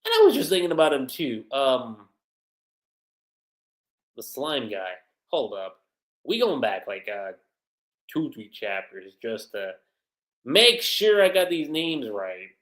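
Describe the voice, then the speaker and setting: A man giving casual livestream commentary as a manga reviewer, chatty and animated. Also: medium pitch, slow pace, pauses often, roomy sound. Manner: animated, chatty, frequent laughter and fillers.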